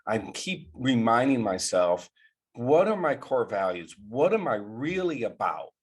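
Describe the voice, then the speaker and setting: Lively husky-voiced male host. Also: mid-range voice, measured pace. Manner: animated, repeats words, frequent "you know" and "right?". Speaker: podcast host and financial planner. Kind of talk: casual interview chat.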